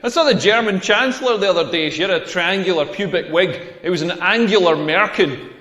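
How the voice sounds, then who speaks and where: A punning stand-up comic, high voice. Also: male voice, brisk, sharp tone. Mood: deadpan. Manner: punchy pun delivery, crude wordplay. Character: cheeky male stand-up comic telling pun jokes. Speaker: stand-up comedian. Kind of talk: stand-up comedy set. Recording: echoey club hall.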